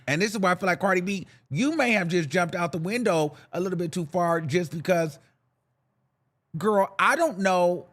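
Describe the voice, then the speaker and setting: A young man's voice, sitting high and moving at normal speed, carries his podcast's celebrity gossip, which he delivers to himself. He's animated and sassy, using campy slang throughout.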